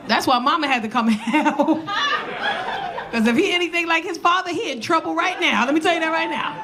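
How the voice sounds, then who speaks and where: Brash high-voiced New York woman comic. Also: a little fast. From South Bronx, New York. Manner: brash, profane, teasing the crowd. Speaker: stand-up comedian. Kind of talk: stand-up comedy with crowd work. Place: comedy club stage with live audience. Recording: live club recording with loud crowd laughter.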